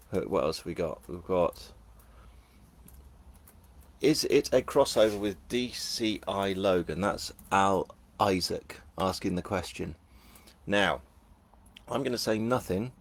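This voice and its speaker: Husky chatty Northern English man. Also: deep voice. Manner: chatty and jokey, self-deprecating, with bursts of excited enthusiasm. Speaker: author hosting a live book launch. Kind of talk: casual live-stream chat reading comments.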